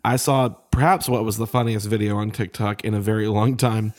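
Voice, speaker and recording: A man's voice: fairly low pitch, steady tone, fairly quick. A man co-hosting a comedy podcast, telling rambling jokes between laughs. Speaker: podcast co-host. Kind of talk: casual comedic chat.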